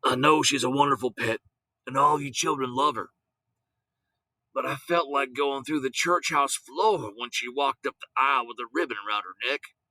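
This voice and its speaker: A plain-spoken farmer father, voiced by a man reading a storybook. He talks in an everyday, bright voice with a hesitant, apologetic edge. The sound is dry and close. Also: mid-range voice, moderate pace, dry recording, lightly acted, rough recording.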